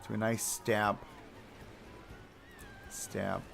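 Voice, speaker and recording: A man's voice: fairly low pitch, little pitch movement, drawn-out words, gravelly, fairly bright tone, soft background music. A young man chatting casually to a live audience while building in a game, talking to himself, joking and grumbling at the controls. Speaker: streamer building a theme park live. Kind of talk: casual live-stream commentary.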